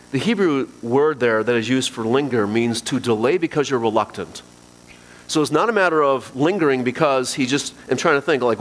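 A male pastor with a mid-range, a bit bright voice and lively intonation preaches at a moderate pace. He talks directly to the congregation, earnestly hammering home key phrases, with long hall reverb on the recording.

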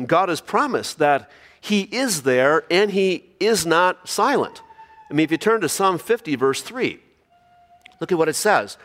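Male pastor, sermon, earnest, rhetorical questions, slightly high voice, church reverb. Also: very animated, measured pace, a bit bright. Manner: earnest preaching with rhetorical questions, reads scripture aloud.

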